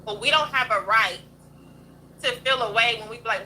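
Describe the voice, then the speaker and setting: High, bright-voiced woman ranting bluntly. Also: moderate pace, long pauses, slight background noise, rough recording. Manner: blunt, profane, combative. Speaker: livestream host. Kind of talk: heated livestream rant.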